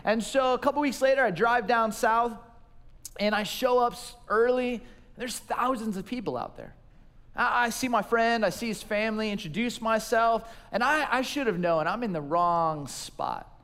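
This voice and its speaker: A man's voice: extremely high pitch, moderate pace, a bit bright. A man preaching a sermon, telling stories about himself with self-deprecating humor. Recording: long reverb of a large hall.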